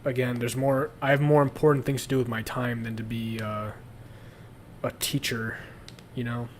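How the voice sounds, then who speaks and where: A man's voice: mid-range voice, flat delivery, normal speed, slight background noise. A young man chatting casually on a livestream, crude and rambling, often breaking into laughter. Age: young adult. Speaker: streamer.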